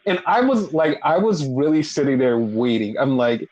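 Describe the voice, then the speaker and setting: A man co-hosting a podcast, casually recapping wrestling in animated, profane storytelling that acts out the quotes. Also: medium pitch, moderate pace. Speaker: podcast co-host. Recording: dull lo-fi podcast audio.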